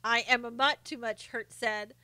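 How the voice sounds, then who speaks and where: Bright chatty woman reading comments. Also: fairly high pitch, fairly even intonation, normal speed, clear, resonant tone, dry recording. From Southern United States. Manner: chatty, laughs often, reads comments aloud. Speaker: live stream host. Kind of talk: casual live-stream chat reading viewer comments.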